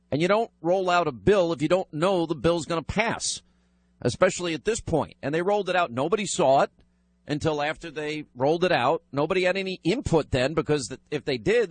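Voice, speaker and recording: Male talk radio host, firm and fast-moving, a touch higher than most men. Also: dry recording.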